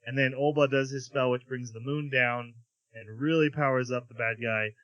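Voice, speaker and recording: A man's voice: medium pitch, normal speed, dull audio. A man co-hosting a podcast, casually recapping an episode and acting out quoted lines along the way. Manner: animated retelling with quoted lines. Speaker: podcast co-host.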